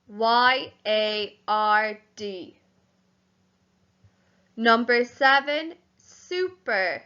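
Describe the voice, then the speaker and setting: A woman primary school teacher giving a home learning lesson, spelling words out slowly letter by letter. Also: a little high, bright, forceful tone, clear, resonant tone, muffled recording.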